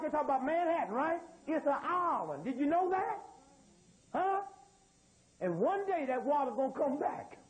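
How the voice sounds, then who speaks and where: In a very high voice, an American man delivers a live call-and-response lecture to an audience in a room, drawling his stories with loose grammar and constantly asking the crowd questions. The recording is rough.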